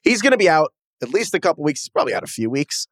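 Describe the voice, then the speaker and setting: A man co-hosting a sports podcast in casual chat, animated and chatty and quick to laugh at himself. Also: a little high, no room sound, studio quality. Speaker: podcast co-host.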